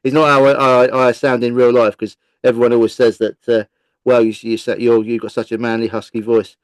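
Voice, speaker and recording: Quick, joking podcast co-host man. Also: mid-range voice, level tone, dry recording. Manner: self-deprecating jokes, stammering repeats. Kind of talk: casual football podcast chat. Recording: dry close sound.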